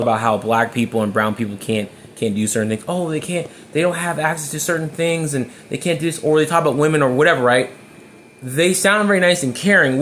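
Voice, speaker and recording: A man's voice: a little high, a bit bright, a little hiss or hum. A man talking to camera about his own story, emphatic and often restarting words. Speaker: vlogger.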